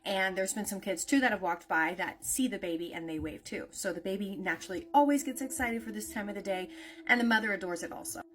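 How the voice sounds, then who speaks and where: A woman's voice: medium pitch, fast, fairly bright tone. A woman telling a spooky story in a casual, conversational way, with lots of "like" and "naturally".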